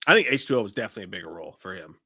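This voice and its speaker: A man's voice: sits low, lively intonation, racing, pushed and bright, breathy edge, no room sound, clean studio sound. A man hosting a live-stream show, talking in loose, profane banter. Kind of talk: casual live-stream chat.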